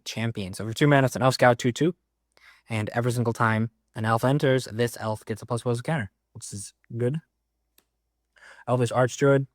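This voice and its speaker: Guy reading off card text at home, casual comments, normal pitch, dry sound no room. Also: no echo. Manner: reads card text aloud with quick offhand comments. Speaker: card game deck reviewer. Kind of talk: casual deck walkthrough.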